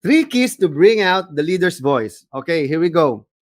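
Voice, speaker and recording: A man with a Filipino accent giving a lively seminar lecture as a voice acting coach, slipping Tagalog phrases into his English. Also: on the high side, moderate pace, no room sound. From Philippines. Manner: animated, mixes in Tagalog phrases, demonstrates voices.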